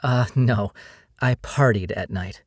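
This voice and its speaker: A bubbly, teasing young woman, as a male narrator puts her on, her lines lifted higher than his own low voice. The sound is dry and close. Her tone stays playful and light throughout. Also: slow, dry recording.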